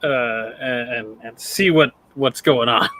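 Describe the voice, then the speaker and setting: Man, tabletop player, bright tone, laughs a lot, formal in-character wording. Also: medium pitch, takes it slowly, slight background noise. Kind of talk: casual play chat.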